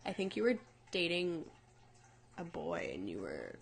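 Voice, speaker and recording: A young woman co-hosting a casual chat, telling animated stories and acting out the quotes. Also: fairly low pitch, unhurried. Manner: animated storytelling, acts out quotes. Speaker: co-host.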